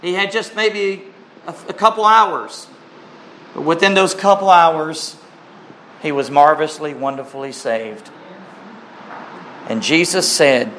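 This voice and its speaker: Slow, earnest male preacher. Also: high voice, animated, pushed and bright, a little hiss or hum. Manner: slow, earnest, heartfelt preaching with emphatic rises; clears throat now and then. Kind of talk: sermon.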